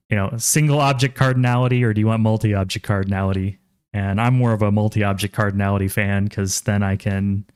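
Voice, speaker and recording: A man's voice: on the low side, dry recording, studio quality. A man casually commentating on a game while streaming, chatty, thinking aloud and reading chat aloud.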